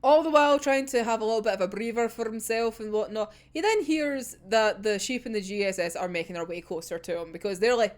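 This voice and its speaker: A Scottish woman giving a casual, animated chapter recap, swearing freely and laughing often. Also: mid-range voice, moderate pace, few pauses. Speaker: manga reaction host.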